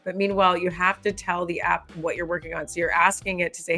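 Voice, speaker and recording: Woman, tutorial host, animated, laughs easily, lowish pitch. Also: quick pace, soft background music. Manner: animated, laughs often, thinks aloud while editing. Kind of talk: casual tutorial chat.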